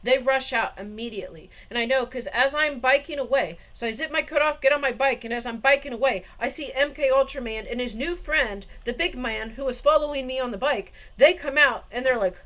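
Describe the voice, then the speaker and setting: A woman's voice: high voice, brisk, few pauses, sharp tone. A woman vlogger telling a long, meandering story in a casual monologue, with frequent laughs. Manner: rambling, meandering, laughs often.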